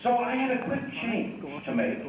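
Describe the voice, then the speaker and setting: A man's voice: very high-pitched, wildly swooping pitch, moderate pace, a crowd in the background. A man who is a convention guest, telling a story on stage to an audience. He rambles, jokes and restarts often. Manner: rambling, joking, many restarts. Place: large convention hall. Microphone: home video camera in the audience. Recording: muffled echoey hall from far off. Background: noisy audience.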